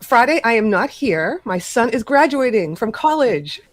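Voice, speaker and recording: A middle-aged woman chatting on a livestream show. Her pitch moves in a lively way, and she talks in a chatty style and laughs easily. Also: normal speed, a little hiss or hum. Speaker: co-host. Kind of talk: casual livestream chat.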